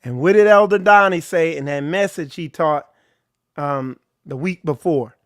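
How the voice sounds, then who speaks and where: In a studio-quality recording with no echo, a man with a voice on the high side speaks at a measured pace. He's a ministry leader giving an informal sermon, preaching bluntly and with animation.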